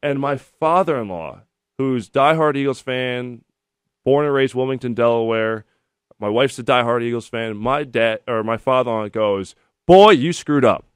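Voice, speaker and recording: A man in his thirties, speaking at a moderate pace with a clean, medium-pitched tone, hosts a sports call-in radio show. Between callers he chats and spins stories, growing animated over anecdotes. It's a dry, studio-quality recording on a studio microphone.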